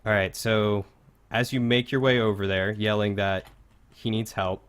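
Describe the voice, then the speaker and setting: A man's voice: lowish voice, fairly even intonation, moderate pace, a bit bright, smooth. A man narrating a tabletop game as game master, in a casual, filler-heavy manner.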